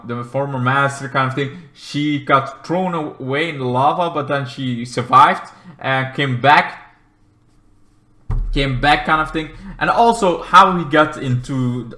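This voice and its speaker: Man, game recap, rambling and excitable, bright voice, roomy echo. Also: mid-range voice. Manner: rambling, excitable, swears a lot, acts out characters in big voices. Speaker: game reviewer.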